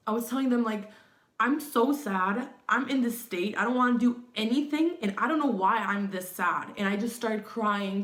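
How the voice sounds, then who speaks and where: A young woman vlogger telling a personal story in a confessional way, hesitant and repetitive, with many fillers and restarts. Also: fairly low pitch. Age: young adult. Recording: echoey room.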